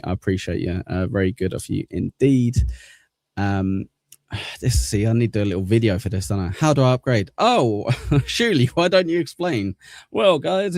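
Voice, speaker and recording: A man's voice: fairly low pitch, creaky, dark tone, no echo, clean studio sound. A man hosting a livestream, chatting casually as he thanks channel members, rambling and self-deprecating. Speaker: livestream host.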